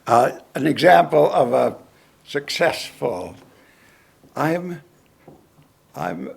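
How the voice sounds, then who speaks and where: A man, a guest lecturer, answering audience questions in a lecture hall in a deliberate, wry manner. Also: a little high, very animated, vocal fry, slight background noise.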